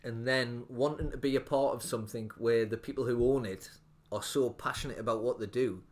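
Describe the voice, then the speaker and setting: A man's voice: mid-range voice, steady tone, a little fast. A man, telling his story as a guest in a casual podcast interview, rambling with lots of "like". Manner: rambling, full of fillers like "like". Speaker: guest, restaurant owner.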